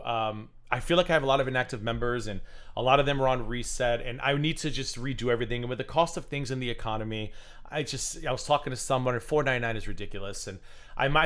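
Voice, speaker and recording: A man hosting a live stream, chatting in a gossipy, animated way, swearing and breaking into shrieks as he retells drama. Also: medium pitch. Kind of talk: casual live-stream commentary.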